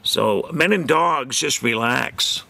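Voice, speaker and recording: Gravelly folksy man telling jokes. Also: medium pitch, takes it slowly, sharp tone. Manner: folksy and chatty, many fillers, chuckles at his own jokes. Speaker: host of a community show segment. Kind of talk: rambling joke-telling monologue.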